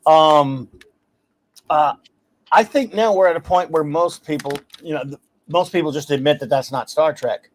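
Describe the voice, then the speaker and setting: A man hosting a casual talk show, telling stories in an animated, ranting way and laughing as he goes. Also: on the high side, normal speed, slight background noise. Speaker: podcast host. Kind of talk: casual chat.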